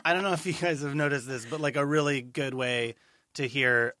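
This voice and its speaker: A man on a comedy quiz panel, answering and throwing in deadpan quips. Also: mid-range voice, a little fast, a little hiss or hum.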